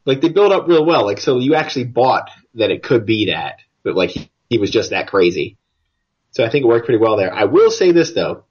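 A man's voice: mid-range voice, big pitch swings, a little fast, a little mellow, breathy edge, lo-fi sound. An American man co-hosting a podcast, chatting casually and jokily about a film. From United States. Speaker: podcast co-host.

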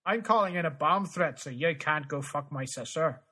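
A man's voice: fairly high pitch, animated, normal speed, bright, forceful tone, breathy edge. A man co-hosting a comedy podcast, rattling off crude one-line jokes while switching to a different regional accent on each line. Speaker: podcast co-host. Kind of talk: comedy sketch doing a quick run of regional accents.

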